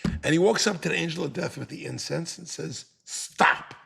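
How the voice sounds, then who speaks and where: A man's voice: a little high, a little fast, gravelly, husky. A man, a rabbi teaching a Torah class, animatedly dramatizing the text.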